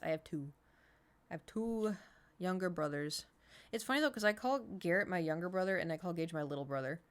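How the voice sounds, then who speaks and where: A woman in her thirties, streaming and chatting casually, rambling through an anecdote and answering chat as she goes. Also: lowish voice.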